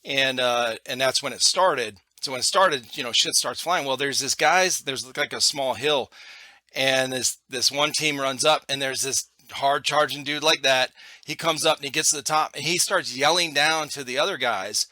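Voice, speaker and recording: A man's voice: mid-range voice, normal speed, sharp tone, no room sound. A man hosting a casual podcast who tells a laid-back story and often drops in short agreements. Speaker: podcast host.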